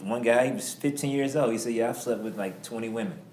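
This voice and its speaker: A man's voice: medium pitch, quick pace, a little mellow, echoey room, slight background noise. A man on a discussion panel who works with young people in a juvenile detention center, speaking emphatically and often asking "you know what I'm saying".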